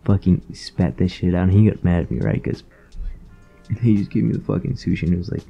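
A man's voice: sits low, expressive, a little fast, vocal fry, mellow, slightly rough, muffled recording, faint music behind. A tired young man in casual vlog storytelling, profane and slangy, laid-back as he rambles. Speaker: vlogger.

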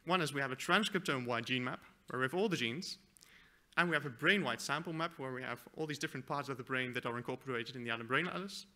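A man giving a conference presentation, walking through a live software demo with a few fillers and self-corrections. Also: medium pitch, quick pace. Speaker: conference speaker. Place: conference hall.

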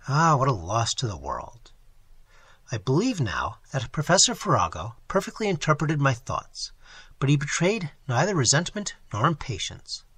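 A man reads a novel aloud with expressive, lively storytelling. His husky, bright voice swings widely in pitch. The recording is close and dry, with no room sound. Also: no echo. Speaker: audiobook reader. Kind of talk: scripted narration of a novel.

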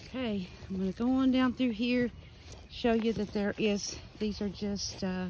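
A woman's voice: medium pitch, steady tone, a little slow, a little mellow, slight background noise, rough recording. A woman walking through a cemetery, reading out names and dates from headstones in casual narration, slightly out of breath. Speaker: cemetery vlogger. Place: outdoor rural cemetery. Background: birds and outdoor ambience.

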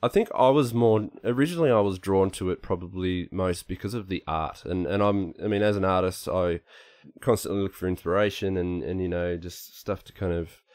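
A man co-hosting a podcast, explaining things casually in a halting way with many fillers. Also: low-pitched, darkish tone. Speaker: podcast co-host, artist.

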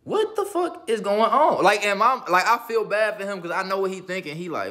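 Animated, blunt man reacting to a clip. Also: high voice, fairly quick, few pauses. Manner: animated, blunt, repeats "you feel me". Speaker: reaction video host. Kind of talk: casual profane commentary.

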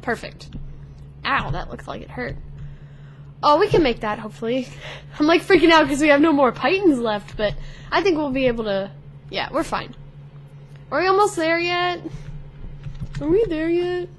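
A teenage girl narrates her gameplay in a bubbly, excitable ramble, talking to herself and the character on screen. Her voice sits on the high side. A faint hiss runs under the recording. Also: moderate pace, pauses often. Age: teens. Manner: chatty, excitable, talks to herself and the game character. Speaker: gaming channel host. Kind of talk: let's play commentary.

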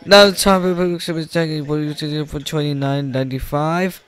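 A man retelling a picture book story aloud in a halting way, repeating words as he goes. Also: on the high side, fairly even intonation, a bit bright.

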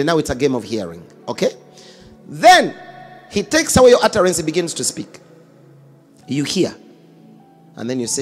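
A pastor preaches with a high, lively voice that leaps up and drops low, acting out both sides of a dialogue. Faint music plays under his sermon in a live service. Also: normal speed. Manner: dramatic, swings between booming and hushed, acts out dialogue.

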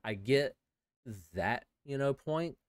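Male co-host, low lively voice, dry close sound, laughs easily. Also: takes it slowly, smooth, dry recording. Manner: relaxed, laughing, jumps into put-on high voices for quotes. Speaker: podcast co-host. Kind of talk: casual chat.

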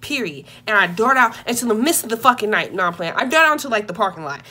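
A woman's voice: medium pitch, fast talker, slight background noise. Tired, cussing young woman telling a story. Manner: casual, profane, animated storytelling. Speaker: YouTuber. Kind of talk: storytime vlog.

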